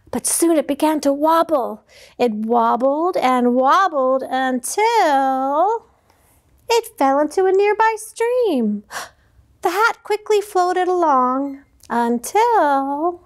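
A woman librarian reads a picture book aloud to young children in a very high, sweet voice. She goes slowly and animatedly and keeps asking her young listeners questions.

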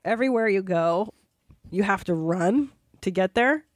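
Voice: mid-range voice, a little slow, no room sound, studio quality. A speaker playfully posing would-you-rather questions in casual banter.

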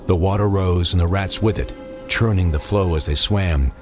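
A man narrating a dark audiobook in measured, dramatic storytelling. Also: low voice. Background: music.

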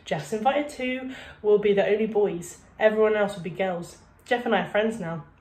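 A woman voicing an anxious, excitable schoolboy who blurts things out and whines tearfully. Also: mid-range voice, normal speed, roomy sound, natural voice. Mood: excited.

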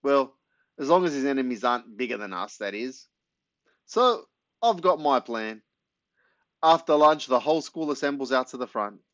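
Lively male storybook narrator. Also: moderate pace, long pauses, no room sound. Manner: lively, animated storytelling with pitch jumps. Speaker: audiobook narrator. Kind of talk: scripted first-person narration. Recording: dry, slightly muffled studio read.

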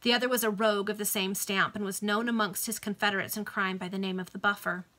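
A woman's voice: mid-range voice, fairly even intonation, fast talker, pushed and bright. A woman casually reading a classic novel aloud over a video call, stopping to explain the text in chatty asides. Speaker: reader.

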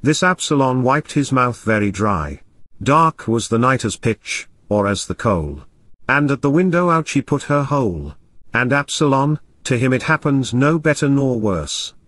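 Male audiobook narrator, lively delivery. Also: mid-range voice, unhurried, no echo. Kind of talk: scripted narration of a classic verse tale.

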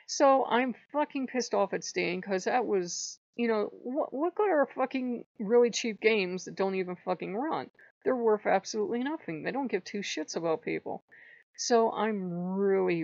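An agitated woman rants close to the mic, her voice gravelly with fry. She is near tears, repeats herself and swears freely. The sound is dull and dry, with no room around it. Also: medium pitch, normal speed, no room sound. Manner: upset, venting, swears often, rambling with repeats. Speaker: channel host. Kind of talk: emotional personal vlog rant.

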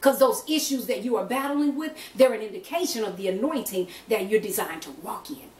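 A woman's voice: on the high side, animated, fairly quick, a little mellow. Fervent older woman minister preaching. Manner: fervent, rising to emphatic exclamations; colloquial street phrasing. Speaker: minister leading a prayer call. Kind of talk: preached exhortation. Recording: echoey distant call audio.

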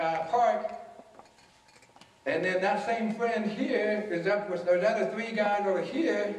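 Male school speaker, higher voice, distant mic, faint room hiss behind. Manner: addresses audience directly, acts out quoted voices. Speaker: motivational speaker. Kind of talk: anti-bullying talk to students. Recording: echoey hall from far off.

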